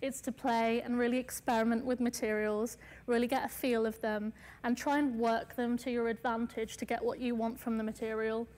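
A woman's voice: on the high side, level tone, moderate pace, a little mellow, long reverb tail. A woman artist giving a casual lecture, chatty, with many fillers and light self-mocking asides.

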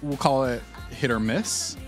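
A man's voice: mid-range voice, wildly swooping pitch, measured pace, faint music behind. A man co-hosting a culture podcast, talking casually with frequent laughs and fillers. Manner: laughs often while describing, many fillers. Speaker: podcast co-host. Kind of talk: casual chat.

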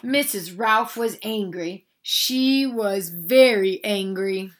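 A woman reading a children's picture book aloud, animated and expressive, speaking to young listeners. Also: mid-range voice, slow. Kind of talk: children's read-aloud narration.

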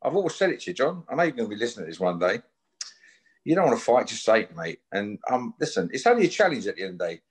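A man's voice: fairly low pitch, sing-song, very fast, breathy edge. Blunt swearing man in his fifties. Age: 50s. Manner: blunt, swearing, confrontational challenger. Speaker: guest. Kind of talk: casual chat.

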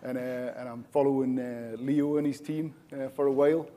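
A man's voice: mid-range voice, steady tone, normal speed, warm tone. A man, a general manager, giving an informal conference presentation, chatty with frequent filler words.

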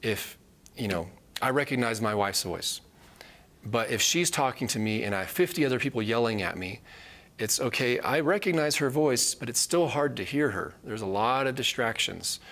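A man's voice: mid-range voice, lively intonation, moderate pace, fairly bright tone. A man teaching a live Bible study, earnest and repeating key phrases for emphasis.

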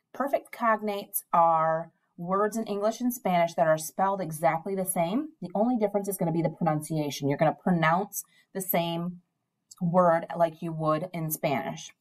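A young woman gives a recorded lesson in a slightly low voice. She talks the class through it in an easygoing way and often pauses on an "um". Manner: relaxed teacher talk with frequent ums. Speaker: Spanish teacher.

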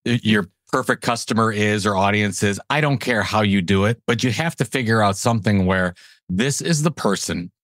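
A man talking as a podcast guest in casual interview chat, emphatic and animated as he tells stories. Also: lowish voice, normal speed, no echo, clean studio sound.

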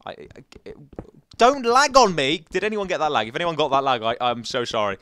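A man's voice: a little high, lively intonation, a little fast, pushed and bright, smooth. A young man giving chatty, rambling commentary while playing a survival game, talking to the viewers and to the animals. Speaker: gaming YouTuber.

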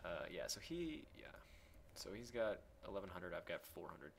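Young guy talking over his game replay, lowish voice, gets hyped and swears, noisy mic. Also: normal speed, gravelly. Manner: excitable, swears, jokes at own expense. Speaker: gameplay commentator.

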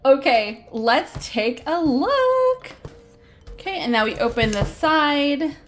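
A woman's voice: high voice, very animated, slow pace, soft background music. A woman hosting a casual toy unboxing, gushing and giggling over each cute figure.

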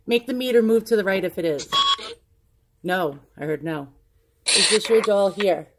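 A woman casually talking through a ghost hunting session at home, asking slow questions aloud with pauses in between. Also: mid-range voice, lively intonation, background noise. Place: indoors at home with a dog nearby.

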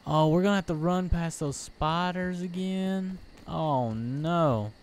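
A man's voice: on the high side, takes it slowly, slight background noise. A young man giving let's play commentary, easily startled and talking to himself as he plays. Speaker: gaming YouTuber.

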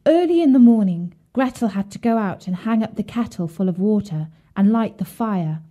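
A woman narrating a children's fairy tale in an expressive storytelling voice. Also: medium pitch, normal speed.

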